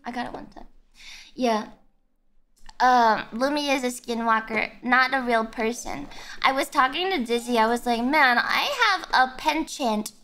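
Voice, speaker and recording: A woman's voice: fairly high pitch, normal speed, fairly bright tone. A woman streamer chatting casually on a live stream, giggly and self-mocking, often bursting into squeals.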